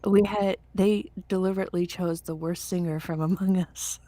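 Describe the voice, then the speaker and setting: Low, mellow woman rambling about service. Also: steady tone, normal speed. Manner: rambling, full of fillers and restarts. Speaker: veteran podcast guest. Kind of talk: casual chat.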